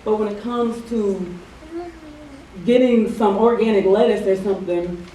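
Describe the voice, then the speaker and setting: A woman's voice: medium pitch, fairly even intonation, measured pace, mellow, slight background noise. A woman talking casually to an audience, chatty and full of fillers. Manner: chatty, many fillers like um and you know. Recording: echoey room from far off, crowd audible.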